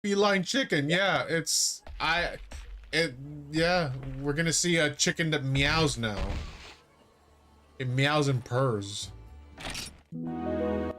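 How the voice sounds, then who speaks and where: A man's voice: fairly high pitch, slow, pauses often, music in the background. Rambling, laughing man streaming a game. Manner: rambling, self-mocking, laughs often. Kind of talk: casual live-stream commentary.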